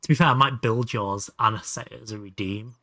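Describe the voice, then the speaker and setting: A man's voice: lowish voice, brisk, pushed and bright, dry recording, studio quality. A young man with a Hull Yorkshire accent, casually chatting and swearing while playing a game on a live stream. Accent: Hull Yorkshire English. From Hull, England. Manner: chatty, swearing, laughing asides. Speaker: livestream gamer.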